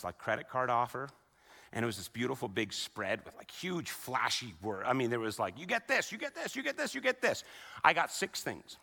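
A man preaching a sermon as a pastor, conversational and animated, acting out the voices of the people he quotes. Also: medium pitch, vocal fry. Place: church sanctuary. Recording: long reverb of a large hall.

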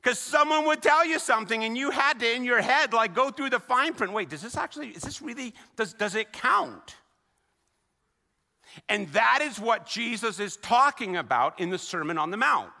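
A man delivers a sermon in a church sanctuary, his voice high and bright with lively swings in pitch. He speaks in a chatty, animated way and slips into the voices of the people he quotes. His words ring out with the long reverb of a large hall. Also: moderate pace, creaky. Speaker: pastor.

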